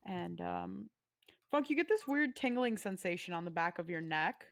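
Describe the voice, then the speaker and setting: A woman runs a tabletop game as game master, narrating in a casual, halting way with plenty of fillers. Her voice has a gravelly edge and sounds dry and close to the mic. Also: lowish voice, expressive, dry recording.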